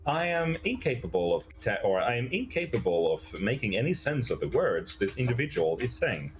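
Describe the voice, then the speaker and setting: A man's voice: mid-range voice, sing-song, a little fast, a little hiss or hum, lightly acted. A man voicing a stiff, polite male android unit that speaks in formal, mechanical phrases. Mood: clinical.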